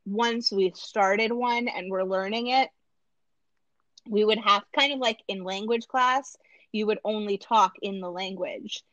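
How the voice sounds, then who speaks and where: Casual podcast co-host: Midwestern woman, slight lisp, animated storyteller, dry muffled sound. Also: medium pitch, measured pace, dry recording. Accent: American Midwestern. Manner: animated storyteller, swears freely. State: slight lisp from a bitten tongue. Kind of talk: casual chat.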